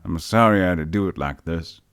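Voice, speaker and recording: A man voicing a chuckling, grieving and treacherous male town mayor in a low, hushed, brooding way. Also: a little fast, clear, resonant tone, no echo, studio quality, lightly acted. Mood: mournful.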